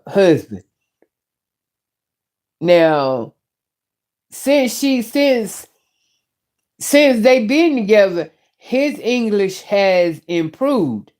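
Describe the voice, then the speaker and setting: A woman's voice: lowish voice, darkish tone. A middle-aged woman hosting her own YouTube channel, talking in a blunt, profane, rambling way as she rants casually to her viewers. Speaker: YouTube commentary host. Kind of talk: casual rant to camera.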